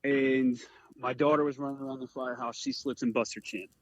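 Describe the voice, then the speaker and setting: A man in his forties from the Eastern Shore of Maryland, a career firefighter telling a personal story in an earnest, halting way full of "like" fillers. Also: medium pitch, steady tone. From Eastern Shore of Maryland, USA. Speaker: career firefighter, podcast guest. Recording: dry, slightly muffled audio.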